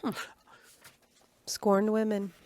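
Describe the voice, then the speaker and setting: A woman co-hosting a podcast, chatting casually and reacting with quick comments and laughs. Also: medium pitch, monotone, warm tone. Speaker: podcast co-host.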